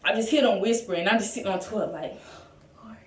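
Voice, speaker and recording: A woman's voice: mid-range voice, fast talker, distant mic. A young woman telling a personal story in a casual storytime vlog, chatty and full of "like" and "y'all". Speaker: vlogger. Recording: echoey room, voice a bit off-mic.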